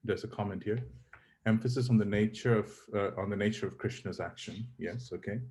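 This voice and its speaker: A man teaching an online scripture class, questioning his students in a measured, probing way with frequent fillers. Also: on the low side, darkish tone.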